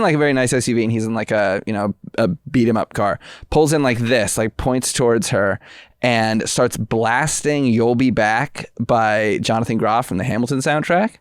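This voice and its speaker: A man chats casually as a podcast co-host. He rambles through a story and jumps up in pitch when he gets excited. His voice is smooth and clear, and the recording is dry and close. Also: no room sound. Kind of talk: casual comedic chat.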